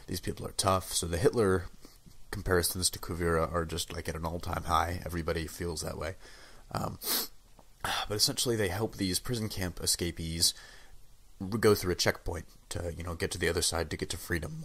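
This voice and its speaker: A man's voice: low-pitched, a bit bright. A young man with a sick, under-the-weather voice, casually reviewing a TV episode with lots of fillers and restarts. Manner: rambling, many fillers and restarts. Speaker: TV show reviewer.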